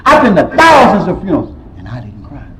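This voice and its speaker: High-voiced man giving emotional testimony. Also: quick pace, rough recording. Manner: animated, emotional storytelling with sudden loud outbursts and soft low passages. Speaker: speaker sharing his story at a recovery meeting. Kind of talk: personal testimony.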